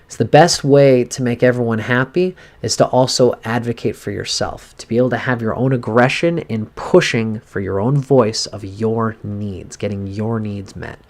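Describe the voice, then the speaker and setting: A man in a live-streamed cold reading, speaking straight to a viewer and coaching her in an earnest, animated way. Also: medium pitch, moderate pace, hardly any pauses. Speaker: astrologer giving a reading.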